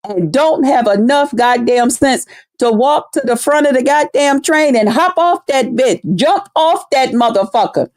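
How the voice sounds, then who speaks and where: A woman vlogger talking straight to her viewers in blunt, animated, heavily profane storytelling. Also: sits high, a little slow, no echo, clean studio sound. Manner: blunt, animated, heavy cursing; laughs at her own jokes. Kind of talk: casual profane storytelling chat.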